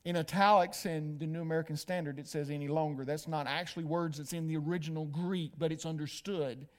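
A man preaching a sermon, asking his listeners questions and answering them himself, with loud emphatic peaks and hushed quiet lines. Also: fairly high pitch, fairly even intonation, a little fast. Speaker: pastor.

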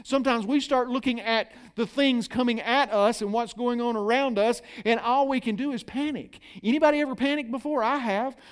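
A man's voice: extremely high pitch, a little fast, few pauses, smooth. A middle-aged man preaching a sermon, dramatically acting out the people in the story and calling on the congregation to answer back. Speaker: pastor.

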